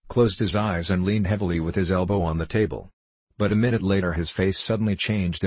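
A man narrating a classic novel as an audiobook in a measured storytelling manner. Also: sits low, breathy edge, no room sound. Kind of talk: scripted narration.

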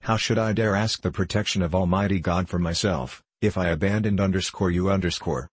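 A man reading the lines of a gentle, earnest older friar in an audiobook, solemn and consoling in manner. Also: low voice, fairly quick, slightly rough, no echo. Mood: solemn consolation.

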